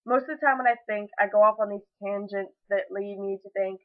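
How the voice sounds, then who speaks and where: A young woman speaks to her camera at home in a loose, heartfelt ramble, stopping and restarting often. Her voice sits at an ordinary middle pitch. The sound is thin and tinny, as if it were coming down a phone line. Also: a little fast, hardly any pauses. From United States. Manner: emotional, rambling, many fillers and restarts. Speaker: vlogger. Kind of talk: casual reflective vlog. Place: at home, indoors.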